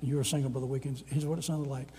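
A man's voice: medium pitch, very fast, husky. An older man preaching a storytelling sermon, acting out the voices in his stories. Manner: animated storyteller, acts out quoted voices. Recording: long reverb of a large hall.

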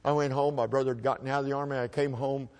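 A man at a microphone tells an audience a personal story in a plain, folksy way. His voice sits at an ordinary middle pitch for a man. He often stumbles and repeats a word before pressing on. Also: level tone, darkish tone. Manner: folksy, halting, repeats words while restarting. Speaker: speaker telling a personal story.

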